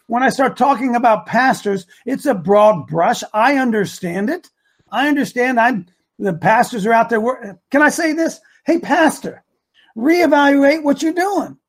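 An older man hosts a radio talk show in a high, husky voice. He lectures his listeners with fervor, building from steady talk into outright shouting. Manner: preachy, rising to shouts.

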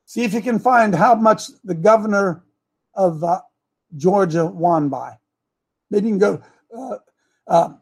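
A man's voice: high voice, animated, measured pace, darkish tone, breathy edge. A man preaching a sermon that mixes in politics. He calls for amens, repeats himself, and speaks straight to people in the room. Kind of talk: sermon mixed with political talk.

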